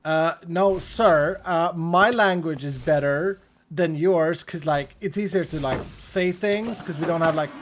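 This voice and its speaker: A man's voice: on the high side, a little slow, few pauses. A man from Sweden with a Swedish accent, chatting casually on a game stream in a playful, rambling way. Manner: rambling, playful, joking tangents. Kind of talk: casual gaming stream chat.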